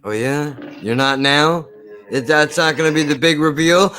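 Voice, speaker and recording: A man's voice: on the high side, normal speed, sharp tone, clean tone. Man host, blunt and sarcastic, swears constantly, reaction commentary. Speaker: channel host reacting to a film.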